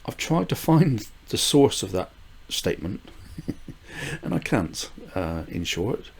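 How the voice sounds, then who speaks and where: A man's voice: on the low side, sing-song, slow, vocal fry, breathy edge. An older man from the UK rambling casually through a gardening vlog, with frequent fillers, restarts and small chuckles. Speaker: gardening vlogger.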